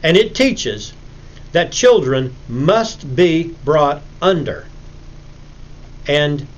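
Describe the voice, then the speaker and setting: Animated preacherly man lecturing. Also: fairly high pitch, extremely slow, muffled recording. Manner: preacherly, acts out anecdotes with sudden loud emphasis. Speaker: Bible lecturer. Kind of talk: recorded Bible lecture.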